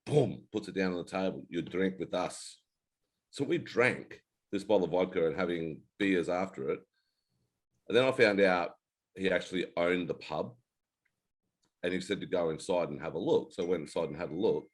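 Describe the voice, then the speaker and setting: An Australian man in his forties with a very low voice chats casually as a co-host. He rambles through stories in a laid-back way and swears freely. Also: a little fast. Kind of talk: casual chat.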